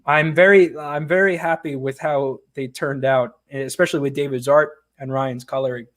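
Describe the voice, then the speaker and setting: A man, a comic book writer being interviewed, chatting casually and telling animated, self-mocking stories. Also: medium pitch, moderate pace.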